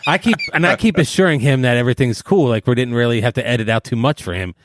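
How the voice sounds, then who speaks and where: A man's voice: medium pitch, quick pace, no room sound, clean studio sound. A man co-hosting a podcast in casual chat, rambling with plenty of fillers and laughing often. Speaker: podcast co-host.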